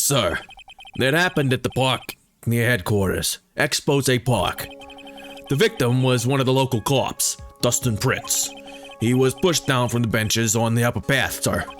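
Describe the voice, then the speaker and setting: Guy doing a gruff dopey cop voice, sir this sir that, bit of music under. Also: medium pitch, a little slow, a bit bright, close to an everyday voice. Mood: earnest. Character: gruff, bumbling male police detective.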